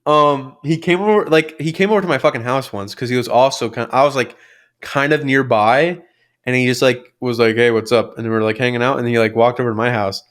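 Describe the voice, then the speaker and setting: A man's voice: medium pitch, brisk, a bit bright. A young man co-hosting a podcast, telling childhood stories in a rambling, casual way full of fillers and swearing. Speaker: podcast co-host. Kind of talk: casual chat.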